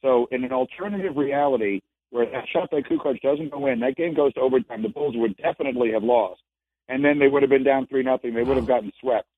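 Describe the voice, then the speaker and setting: This man once worked as a sports reporter and is now a radio show guest, talking fast at a medium pitch and hammering home his points with repeated phrases. The casual interview was captured by phone over a dry, tinny line.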